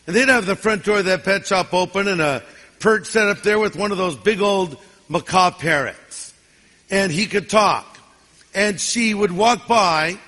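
A man's voice: sits high, pushed and bright. A man in his sixties, a pastor preaching a sermon in a folksy, humorous storytelling manner. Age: 60s. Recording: long reverb of a large hall.

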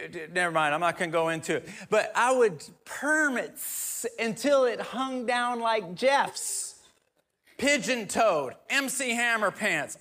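A man preaching a sermon through personal stories, dropping to a soft near-whisper for emphasis. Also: sits high.

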